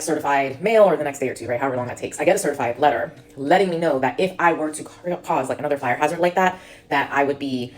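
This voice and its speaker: A woman's voice: low voice, a little mellow. A woman sobriety coach telling a candid personal story in a casual way, with lots of fillers. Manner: candid, heavy use of filler "like".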